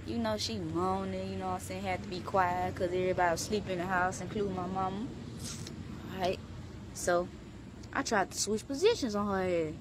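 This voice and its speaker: A young woman telling a story in a casual vlog, animated and profane, leaping up in pitch for emphasis. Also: brisk, background noise. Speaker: vlogger.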